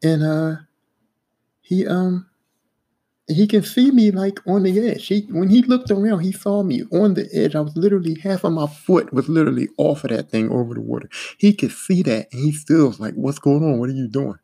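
Animated storytelling man, mellow voice. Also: a little high, normal speed, creaky, husky. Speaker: podcast host telling work stories. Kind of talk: casual spoken anecdote.

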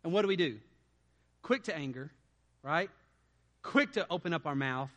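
Man, preacher, high voice, bright tone, animated, rhetorical questions. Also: moderate pace. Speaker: pastor. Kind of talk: sermon.

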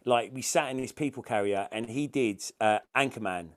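A man's voice: medium pitch, moderate pace. Sweary man, mid voice. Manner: sweary, rambling anecdotes. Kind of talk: casual chat.

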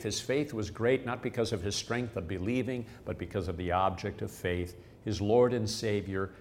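A man's voice: fairly low pitch, slight background noise. A man hosting a devotional podcast, explaining a Bible passage in an earnest, explanatory way and repeating key phrases. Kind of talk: scripture teaching.

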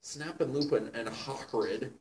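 A man co-hosting a comedy show, reading a fan fiction aloud dramatically and laughing at it, sometimes putting on squeaky voices. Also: unhurried, distant mic, a little hiss or hum, rough recording. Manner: mocking, laughing, breaks into loud squeaky character voices.

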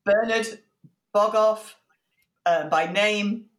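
A woman playing a deadpan interviewer. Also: medium pitch, very slow. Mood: dry. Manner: dry, mock-serious questioning. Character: deadpan female chat-show interviewer. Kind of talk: improvised comedy interview.

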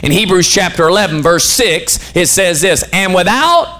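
Male pastor, sermon, high voice, very expressive pitch, call-and-response questions. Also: normal speed.

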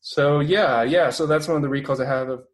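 A man's voice: fairly high pitch, a little fast, low-quality recording. Hesitant young Canadian man. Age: 20s. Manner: hesitant, many fillers and restarts. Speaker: guest. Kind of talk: radio interview, recounting experiences.

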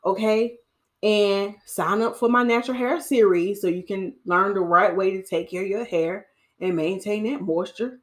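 A woman hairstylist gives casual hair-care advice to her listeners. She is animated and preachy, repeats her points and calls her audience sis. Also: medium pitch, moderate pace. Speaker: hairstylist and podcast host.

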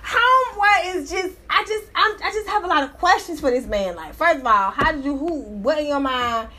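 A woman giving casual, profane, animated commentary while reading a news story aloud. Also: high-pitched, normal speed. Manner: animated, sassy, profane, laughs often.

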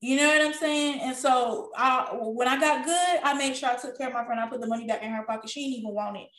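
High-voiced woman in an echoey room. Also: quick pace, fairly bright tone. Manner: candid, emotional storytelling with frequent profanity. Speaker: podcast co-host. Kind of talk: casual chat.

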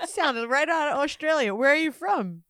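A woman co-hosting a casual podcast, teasing the others with quick quips. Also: sits high, animated, a bit bright, no echo. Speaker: podcast co-host. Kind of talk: casual chat.

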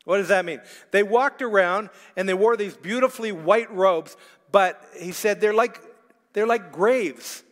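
A man's voice: high voice, a little slow, long reverb tail. A male pastor giving a sermon in a conversational, joking way with frequent fillers and restarts. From Canada. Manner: conversational preaching with asides and jokes to the congregation. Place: church hall.

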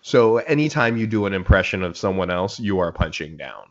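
Low, lively man in casual chat. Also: brisk, lo-fi sound. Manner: conversational, reflective, laughs hard at jokes.

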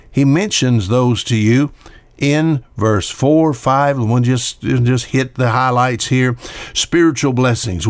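A man's voice: mid-range voice, dry recording. Folksy older male radio preacher. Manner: folksy, conversational, repeats words with frequent uh fillers. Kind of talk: radio sermon.

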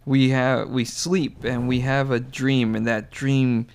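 A man's voice: mid-range voice, flat delivery, slow pace, slight background noise. A middle-aged American man hosting a podcast in casual chat, rambling with loose fillers and frequent laughs. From United States. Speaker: podcast host.

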